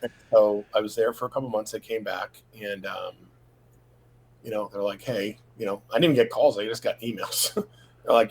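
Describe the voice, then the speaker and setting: A man's voice: lowish voice, normal speed, a little mellow, slight background noise, rough recording. A middle-aged man sharing a personal testimony from his home office, talking in a rambling, casual way with many fillers and quoted dialogue.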